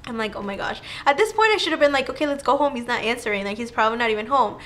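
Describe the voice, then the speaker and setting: A young woman vlogger telling a personal story in a casual, animated way, full of "like" and acted-out quotes. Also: fairly high pitch, very fast. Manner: animated retelling with filler "like", acting out quotes.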